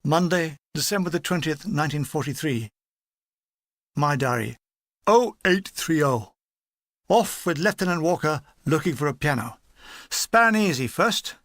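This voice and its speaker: A man reading a war memoir aloud as an audiobook narrator, lively and animated, slipping into character voices. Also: on the high side, a little slow, no echo, clean studio sound. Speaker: audiobook reader.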